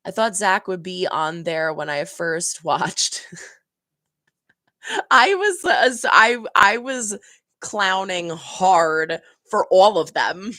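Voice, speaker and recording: A woman's voice: on the low side, takes it slowly, no room sound. A woman streaming casually, rambling and laughing as she answers her chat. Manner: chatty, rambling, animated, laughs often. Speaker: reaction streamer. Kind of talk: casual chat reading live chat.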